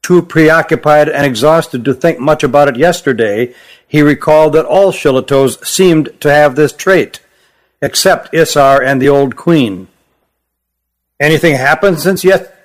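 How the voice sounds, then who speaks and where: A man reading a fantasy novel aloud as the narrator, in a steady, even storytelling manner. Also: fairly high pitch, measured pace. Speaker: audiobook narrator. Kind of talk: scripted narration.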